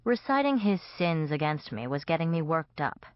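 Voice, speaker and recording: A woman's voice: deep voice, sing-song, normal speed, clean tone, dry recording. A woman narrating a comic vampire novel in first person, with a wry storytelling manner. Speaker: audiobook narrator. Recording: dull, dry audiobook recording.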